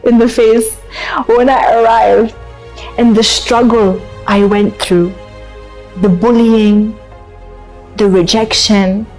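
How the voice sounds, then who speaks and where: Young woman, from Canada, high-ish voice, lively storytelling, music underneath. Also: slow pace, long pauses, rough recording. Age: young adult. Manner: animated, emotional, acts out quotes. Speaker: interview guest. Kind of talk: personal storytelling.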